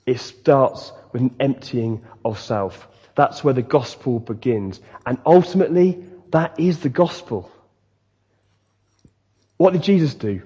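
Preacher in a reverberant hall. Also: male voice, on the high side, normal speed, breathy edge. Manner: animated, acts out quoted voices. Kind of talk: sermon. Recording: dull, long-reverb hall.

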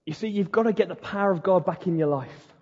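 A man preaching a passionate, emphatic sermon as pastor of his church, with dramatic pauses. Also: high voice, mellow. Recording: dull sound in a hall with long reverb.

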